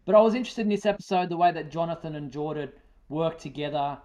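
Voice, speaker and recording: A man with a New Zealand accent and a fairly high, darkish voice talks quickly while hosting a live fan chat show as a podcast host. He's talkative and casual, with plenty of fillers and restarts.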